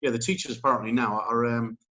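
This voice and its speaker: A man's voice: medium pitch, fairly even intonation, fast talker, pushed and bright, muffled recording. A man speaking as an interview guest. He talks in casual chat, rambling and emphatic, with many fillers and restarts.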